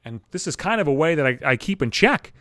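A man's voice: on the high side, sing-song, quick pace, fairly bright tone, no room sound. A man hosting a podcast, ranting alone at home into a microphone, blunt and swearing constantly. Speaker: podcast host. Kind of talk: solo profane rant. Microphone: studio microphone.

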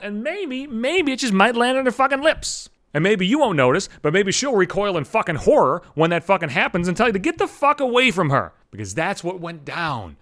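A man's voice: high-pitched, fairly bright tone. A man hosting a solo comedy podcast, ranting in a profane, exasperated and self-mocking way. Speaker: podcast host.

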